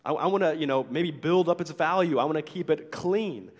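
A man's voice: a little high, fairly quick. Conversational male pastor in a reverberant hall. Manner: conversational, frequent "right?" asides, acts out quoted complaints. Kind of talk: sermon.

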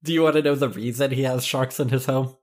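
A man's voice: mid-range voice, fairly even intonation, fast. A man co-hosting a podcast in casual chat, teasing and laughing often. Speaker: podcast co-host.

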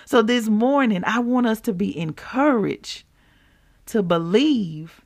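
Gravelly woman preaching to listeners. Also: fairly high pitch, slow. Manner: animated, laughs often, addresses listeners as y'all. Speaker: podcast host and preacher. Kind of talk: devotional teaching with scripture reading.

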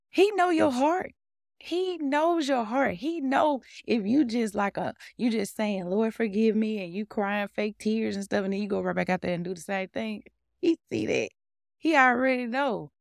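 Woman preaching casual on her podcast, aave, lots of laughs, bit of vocal fry. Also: fairly high pitch, dry recording, studio quality. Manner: animated, conversational, laughing often. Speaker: podcast host. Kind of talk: informal devotional teaching.

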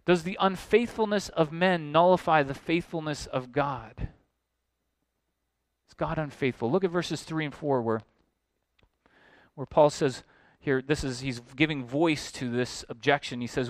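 A man's voice: medium pitch, measured pace, no echo. A man preaching an expository sermon as pastor, earnest, building to emphatic questions.

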